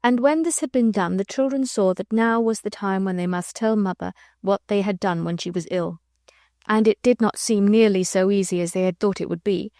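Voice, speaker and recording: A woman's voice: mid-range voice, moderate pace, no echo. Woman reading a storybook aloud, dry. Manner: gentle storytelling, voicing children and adults lightly. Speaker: audiobook narrator. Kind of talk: scripted narration.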